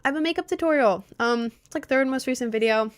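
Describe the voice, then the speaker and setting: A young woman in her twenties talks casually to her stream while still out of breath, giggling and rambling between topics. Her voice sits a little high for a woman. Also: fast talker, smooth. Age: 20s. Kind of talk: casual chat.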